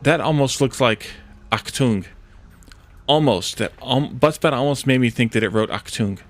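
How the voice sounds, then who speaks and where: A man with a mid-range voice talks at a normal speed while streaming a building game. He chats casually with viewers, reacts to their messages, and talks himself through each step of the build like a relaxed let's-play.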